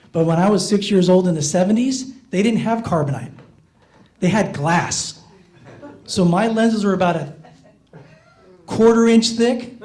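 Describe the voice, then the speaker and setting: Middle-aged man, high, light voice, self-deprecating stand-up, works the crowd. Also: a little mellow. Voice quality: not very masculine voice. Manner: self-mocking, talks with the audience. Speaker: stand-up comedian. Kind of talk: stand-up comedy. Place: playhouse stage.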